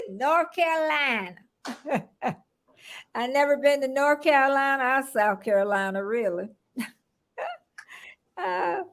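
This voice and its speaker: An older woman from Florida hosting a casual livestream, chatting with a guest and greeting viewers by name with frequent laughter. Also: a little high. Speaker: livestream host.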